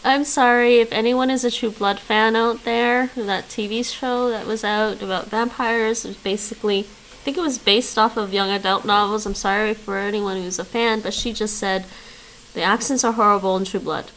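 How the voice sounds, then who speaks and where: A woman's voice: mid-range voice, fairly even intonation, moderate pace, a bit bright, a little hiss or hum, low-quality recording. A woman hosting a livestream, making chatty, amused asides to viewers about a clip. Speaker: livestream host. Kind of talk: casual reaction commentary.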